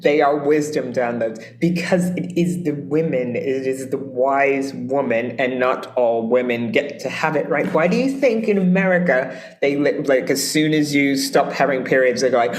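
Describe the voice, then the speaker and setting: A woman in her late fifties, a guest in a casual conversation, tells animated stories and acts out quotes with laughter. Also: extremely low pitch, normal speed, hardly any pauses. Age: late 50s. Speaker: guest, spiritual guide. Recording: roomy echo.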